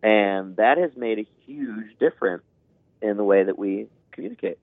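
Man, low gravelly voice, earnest parent telling his story, dry, phone-quality audio. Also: lively intonation, moderate pace, no room sound. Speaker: parent sharing experience. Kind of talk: casual podcast conversation. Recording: tinny phone-like line.

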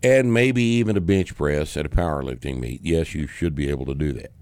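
With a very deep voice and a fairly quick delivery, this podcast host laughs, curses often, and spins animated stories while answering questions from listeners in a relaxed chat. The recording is dry.

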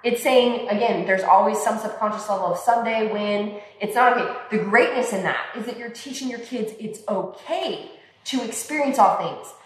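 A mother talking in a relaxed podcast chat, lively and expressive, often acting out the voices of people she quotes. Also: on the high side, moderate pace, a little hiss or hum. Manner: animated, acts out quoted voices. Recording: echoey room with long reverb.

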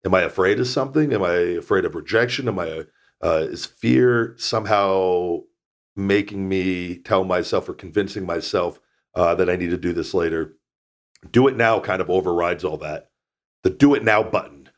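Deep-voiced blunt podcast host. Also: male voice, normal speed. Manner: blunt, profane, rambling with restarts. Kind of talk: casual motivational monologue.

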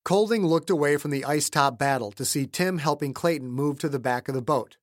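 A man narrating his own thriller audiobook in a dramatic scripted style, shifting between hushed lines and shouted dialogue, recorded on a close studio mic. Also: on the high side, brisk, over music. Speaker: author and narrator.

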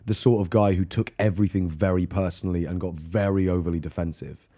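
Deep, warm, and steady, this man's voice moves fast as he co-hosts a laid-back true-crime podcast. He jokes and curses through the story, often breaking into laughter or putting on mock voices.

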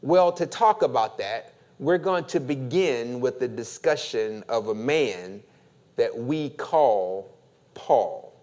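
Pastor type, male, preaches slowly with a lively, rising and falling delivery. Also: mid-range voice. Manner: slow, deliberate preaching with call-and-response. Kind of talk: sermon.

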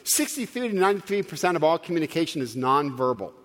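Animated preaching man in a reverberant hall. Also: on the high side, quick pace. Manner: animated, humorous preaching with asides to the congregation. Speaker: pastor. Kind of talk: sermon.

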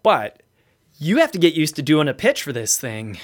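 A man hosting a podcast, chatting casually in a playful, teasing, animated way. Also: fairly high pitch, moderate pace. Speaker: podcast host.

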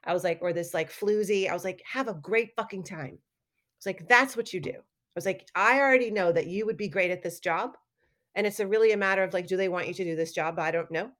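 A middle-aged woman telling stories in a casual interview, animated and acting out quoted lines with laughter. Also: on the low side, a little fast. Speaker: guest artist and educator.

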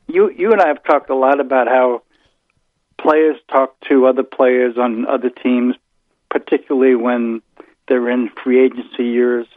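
An older man, calling in to a casual sports chat and talking in a measured, thoughtful way with hesitant restarts. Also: mid-range voice, no echo. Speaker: caller, the host's father. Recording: tinny phone line.

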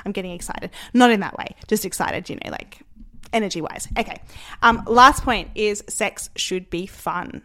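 A woman's voice: medium pitch, normal speed, a bit bright. A young adult woman hosting a solo podcast, talking candidly and casually, full of "like" and "you know". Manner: chatty and candid, many "like" and "you know" fillers. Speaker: podcast host.

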